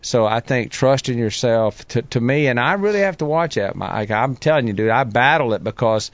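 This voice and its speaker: A man with a drawl talks in a loose, easygoing chat, spinning lively stories and slipping into little voices for the thoughts in his head. His pitch sits in an ordinary middle range. The audio is a bit dull and lo-fi. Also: fairly quick, dry recording. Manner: animated storyteller who acts out voices in his head. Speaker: pro bass angler guest. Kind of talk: casual chat.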